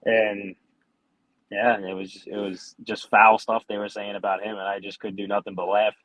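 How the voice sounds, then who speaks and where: Young man, twenties, new york accent, low voice, dry close sound, rambling casual storytelling. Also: level tone, normal speed, fairly bright tone, no room sound, rough recording. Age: 20s. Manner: rambling, laid-back storytelling with many fillers. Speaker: podcast guest, amateur hockey goalie. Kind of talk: casual interview chat.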